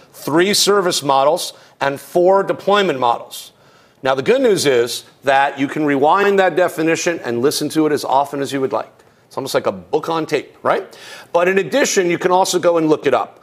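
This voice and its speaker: Man, instructor, slightly high voice, conversational lecture, rhetorical questions, studio mic. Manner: explanatory, rhetorical questions, casual asides.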